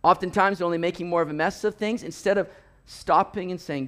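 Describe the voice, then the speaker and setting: A man preaching a sermon, telling stories with animated delivery and acting out the voices of people in them. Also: high-pitched, a little fast. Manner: animated storytelling, acts out voices, rising to near shouts. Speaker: pastor.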